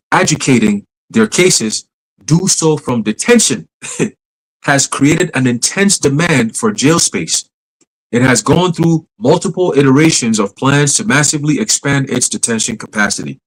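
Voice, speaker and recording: A man's voice: mid-range voice, animated, measured pace, rough recording. A man hosting a podcast, reading a news article aloud and adding casual, cursing asides, often stumbling and rereading words. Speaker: podcast host.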